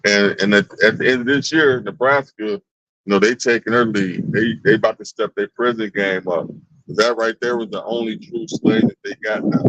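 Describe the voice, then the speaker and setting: A man's voice: fairly low pitch, steady tone, moderate pace, fairly bright tone, no echo. A man in a casual group discussion, speaking steadily with filler hesitations. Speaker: camp group member. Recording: dull lo-fi sound.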